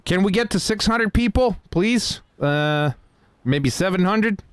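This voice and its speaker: A man hosting a livestream, chatting casually while playing a game, easily distracted and excitable. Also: high-pitched, unhurried, clean tone, no room sound. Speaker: stream host playing a game.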